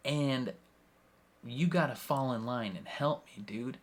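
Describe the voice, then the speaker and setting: A young man casually recapping and reacting to a TV episode, retelling scenes with lively acted-out quotes and frequent laughter. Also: mid-range voice, slow pace. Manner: animated retelling, acts out quoted lines, laughs often. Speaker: reaction video host.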